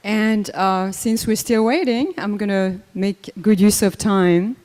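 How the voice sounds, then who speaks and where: An older woman speaks at a memorial in a warm, mellow voice, taking her time and filling gaps with ums and restarts. Her voice rings with a long reverb in a temple hall. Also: medium pitch. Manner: unhurried, conversational, many fillers and restarts. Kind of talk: personal memorial talk.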